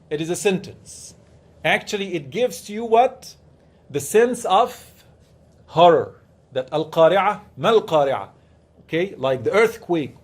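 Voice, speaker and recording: A man, a professor giving a classroom lecture who explains by asking the class questions and repeating key words. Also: high-pitched. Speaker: professor teaching Quran commentary. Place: classroom with students.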